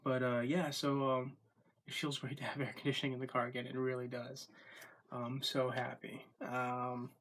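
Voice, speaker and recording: Vlogger, male, mid-pitched, hiccupping, loose and rambling, full of ums. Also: little pitch movement, normal speed, a bit bright. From Florida. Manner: rambling, lots of ums and self-corrections. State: has the hiccups. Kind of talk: casual daily vlog.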